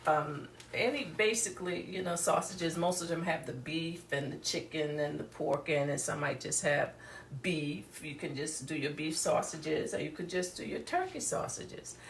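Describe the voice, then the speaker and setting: A home cook with a lowish voice chats casually through a cooking demonstration, rambling as she talks straight to her viewers. She sounds distant in an echoey room, with slight background noise.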